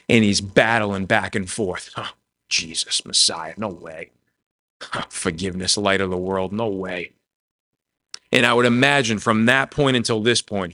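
Conversational preacher man, dry sound. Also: dry recording. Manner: conversational preaching, drops to a soft low voice for quoted words. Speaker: pastor. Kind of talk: sermon.

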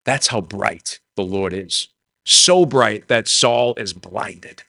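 A man preaching a sermon in a conversational way, dropping soft and low when he voices quoted words. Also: slow, gravelly, dry recording. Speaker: pastor.

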